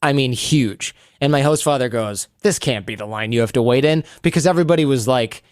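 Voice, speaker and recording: A man guesting on a podcast, telling stories in an animated way and acting out the people he quotes. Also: mid-range voice, a little fast, clean tone, no room sound, clean studio sound. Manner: animated, acts out quoted people in raised voices. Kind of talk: storytelling interview talk.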